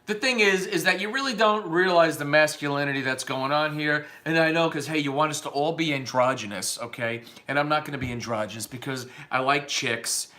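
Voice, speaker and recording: A man's voice: on the high side, brisk, hardly any pauses, pushed and bright. A man delivering an unscripted, profane, combative rant that rambles from point to point.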